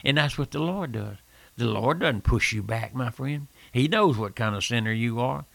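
Gravelly older preacher man. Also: medium pitch, normal speed, a bit bright, no room sound. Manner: fervent, repeats phrases, addresses listener as "my friend". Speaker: radio preacher. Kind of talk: radio sermon.

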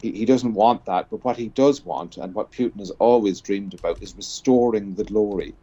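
A man giving political commentary as a radio guest, talking haltingly with many restarts. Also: on the low side, highs cut off, a crowd in the background.

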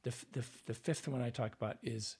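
Male dialect coach in an interview, husky mid-range voice, patient and explanatory. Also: mid-range voice, fast talker, a little mellow. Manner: explanatory, demonstrates lines and sounds.

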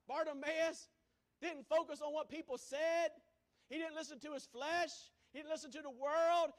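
A man preaching a sermon from a church pulpit, impassioned, swinging from shouted climaxes to hushed, quiet lines. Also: very high voice, brisk.

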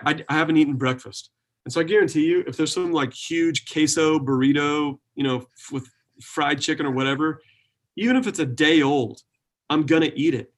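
Earnest man preaching casually. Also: a little high. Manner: earnest, filler-heavy, with many likes and restarts. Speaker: pastor.

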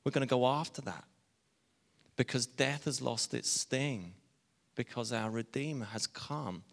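A man's voice: medium pitch, a little slow, creaky. A man preaching a sermon as pastor, talking conversationally with asides and restarts. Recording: long reverb of a church hall.

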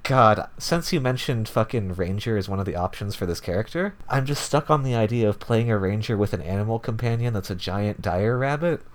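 A man co-hosting a podcast, making playful quick jokes and short agreeing replies in casual chat. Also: on the low side, lively intonation, slight background noise. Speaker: podcast co-host. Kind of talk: casual chat about tabletop game characters.

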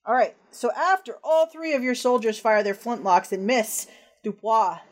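Woman game master, fairly high voice, casual, descriptive, filler words. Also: normal speed. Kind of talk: narrating a tabletop horror game.

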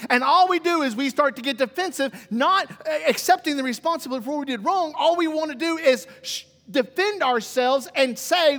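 High-voiced man preaching in a reverberant hall. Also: lively intonation, brisk, hardly any pauses, fairly bright tone. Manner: conversational preaching with vivid everyday examples. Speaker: pastor. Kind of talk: sermon. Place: church sanctuary.

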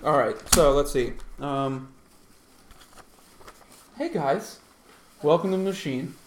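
A man's voice: fairly high pitch, takes it slowly, reverberant. A man hosting a casual drinking-game chat, joking, teasing and swearing freely. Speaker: podcast host.

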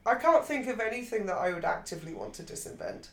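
A woman's voice: mid-range voice, huge pitch swings, fast, vocal fry. Woman, posh English accent, dry laid-back podcast chat, echoey room. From England. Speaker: podcast co-host. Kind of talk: casual chat. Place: lounging on a sofa at home.

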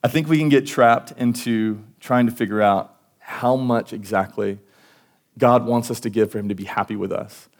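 A man preaching to his church in a loose, conversational way. His voice sits at an ordinary middle pitch. He restarts his sentences often and leans on casual fillers, as if he were talking with friends. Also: moderate pace, a little mellow. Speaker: pastor. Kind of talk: sermon. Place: church service.

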